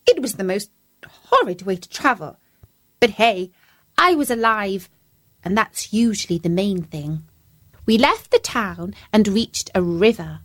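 A woman narrating a children's story in an expressive, playful, chatty way, speaking as the mouse. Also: medium pitch, measured pace.

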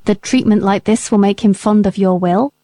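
A woman reading as a stern, principled gentleman squire. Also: medium pitch, fairly even intonation, no room sound, close to an everyday voice. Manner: stern, measured rebuke. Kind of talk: audiobook character reading.

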